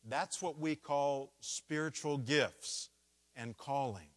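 Slow, deliberate male preacher. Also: mid-range voice. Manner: slow, deliberate preaching with stressed key words. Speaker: pastor. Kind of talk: sermon.

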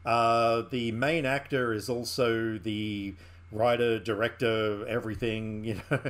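A man's voice: medium pitch, little pitch movement, a little slow, fairly bright tone. A man co-hosting a film podcast, chatting casually and enthusiastically with lots of fillers and restarts. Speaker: podcast co-host.

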